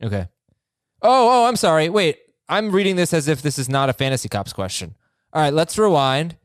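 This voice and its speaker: A man's voice: a little high, fairly quick, clear, resonant tone, no echo, studio quality. A man hosting a casual podcast, joking and laughing as he reads listener emails aloud. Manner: animated, joking, laughs while reading. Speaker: podcast host.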